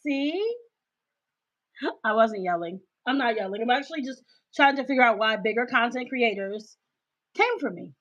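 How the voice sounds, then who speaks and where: A woman hosting a casual livestream, talking loudly and emphatically into her cell phone. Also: a little high, expressive, moderate pace. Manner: loud, emphatic, ranting. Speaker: livestream host. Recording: dull cell-phone recording.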